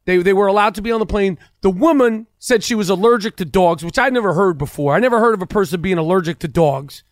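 A man with a strikingly high voice rants on a talk show, crude and incredulous, piling on the outrage. The sound is close and dry, with no room around it. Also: quick pace, dry recording. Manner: heated, crude, incredulous ranting. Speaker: host. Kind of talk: profane comedic rant.

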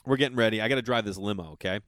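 A man's voice: on the low side, very fast, fairly bright tone, no room sound. Rambling man telling a story, dry sound. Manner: rambling, with constant filler 'like'. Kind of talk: casual anecdote.

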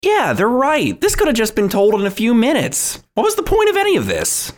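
A man's voice: extremely high pitch, huge pitch swings, a little fast, pitched above the performer's own voice, heavily acted. A man voicing an impatient child who complains and questions a story, with a swooping, incredulous delivery. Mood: complaining.

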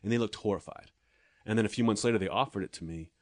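Fast-talking sardonic comedian, low and dry. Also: male voice, dry recording. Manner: fast, sardonic storytelling with voiced impressions. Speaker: stand-up comedian guest. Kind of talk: casual chat.

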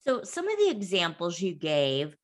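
A woman's voice: on the low side, huge pitch swings, normal speed. A woman interviewer asking curious, conversational questions.

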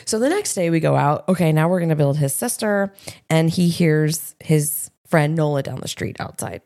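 A woman with a low voice and a gravelly edge, co-hosting a casual podcast. She tells rambling everyday stories, full of fillers and asides. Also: a little fast, darkish tone. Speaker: podcast co-host. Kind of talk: casual chat.

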